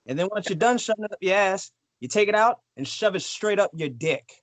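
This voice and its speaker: High-voiced man making crude, aggressive jokes. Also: animated, brisk, no echo. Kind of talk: casual podcast chat.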